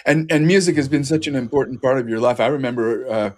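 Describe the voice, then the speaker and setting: An older man, a casting director, hosting a podcast interview, speaking in a measured and reflective way with some hesitations. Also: mid-range voice, darkish tone. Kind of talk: conversational interview.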